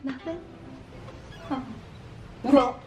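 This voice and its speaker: A woman's voice: sits high, fairly even intonation, extremely slow, soft background music. A woman, a mom on a family vlog, chatting playfully and giggling with her kids. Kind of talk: casual family chat.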